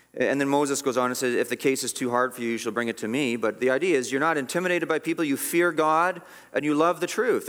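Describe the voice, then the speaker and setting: A man's voice: a little high, a bit bright. A man preaching a sermon as pastor, earnest and emphatic, often repeating and restarting his words.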